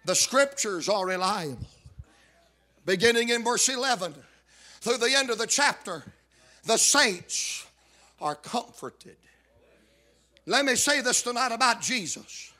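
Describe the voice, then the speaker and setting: A man preaching a sermon, repeating call-outs to the congregation and rising into shouted emphasis. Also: extremely high pitch, lively intonation, measured pace, long pauses. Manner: builds to shouted emphasis, calls out "are you listening".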